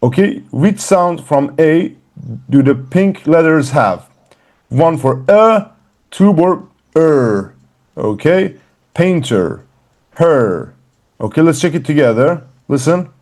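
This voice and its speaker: A man teaching an English class, slow and emphatic, repeating words for learners. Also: on the high side, lively intonation, darkish tone. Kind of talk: classroom lesson.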